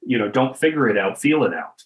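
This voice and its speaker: A man's voice: mid-range voice, sing-song, brisk, rough recording. A man who trains truck drivers, speaking plainly in a podcast chat and explaining with practical examples. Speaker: truck driving instructor. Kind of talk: casual podcast conversation.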